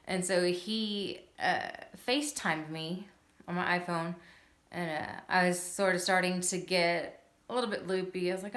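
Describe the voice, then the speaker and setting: A woman's voice: lowish voice, fairly even intonation, measured pace, a bit bright. A woman in her thirties, speaking casually to her camera at home. She tells a personal story in a chatty, upbeat way and laughs often. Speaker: vlogger sharing her epilepsy journey. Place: living room at home. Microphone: phone or camera on a stand. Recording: roomy home echo.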